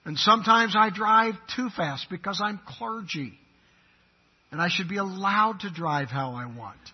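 Husky high-voiced preacher swinging loud to soft. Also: male voice, measured pace, highs cut off. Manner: swings from loud emphatic preaching to quiet intimate asides. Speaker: pastor. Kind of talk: sermon.

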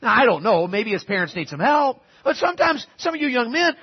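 A man's voice: very high-pitched, very animated, fairly quick, hardly any pauses, slightly rough, dull audio. A middle-aged man preaching a sermon as pastor, telling folksy stories and pressing his points emphatically. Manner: folksy storytelling, emphatic exhortation.

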